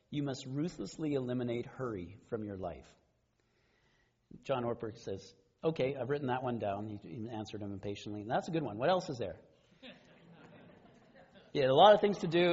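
A man giving a sermon as pastor, speaking conversationally, with quiet asides and the odd chuckle. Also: medium pitch, slightly rough, highs cut off.

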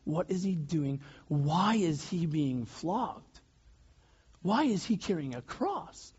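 Male pastor, slightly high voice, relaxed conversational sermon delivery, dull lo-fi recording. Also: slow pace, slightly rough. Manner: conversational, loose preaching with restarts and soft laughs. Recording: dull lo-fi sound.

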